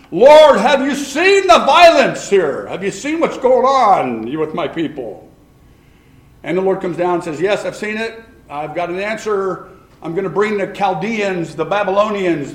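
A male pastor delivering a lively sermon, his voice sitting a little high for a man. He swings between quiet asides and loud, emphatic bursts. The sound carries the echo of a church room. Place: church sanctuary.

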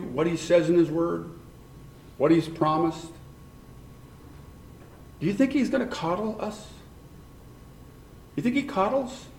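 A man's voice: fairly high pitch, mellow. A man preaching a sermon who keeps questioning his congregation and repeats points for emphasis. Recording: echoey room.

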